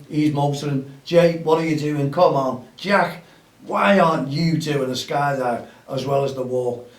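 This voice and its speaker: A man chats in an upbeat, rallying way as host of a grassroots football show. He's outdoors and sounds a little distant from the mic. There's a roomy echo around his voice. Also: fairly high pitch. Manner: chatty and upbeat, rallying listeners. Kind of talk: casual outdoor podcast chat.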